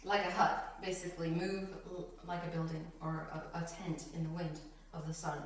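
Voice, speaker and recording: Recorded from a distance in an echoey room with a faint hiss or hum, a woman with a lowish voice speaks at normal speed. As a Bible teacher running a conversational study, she reads verses, laughs between them, and stays animated while explaining.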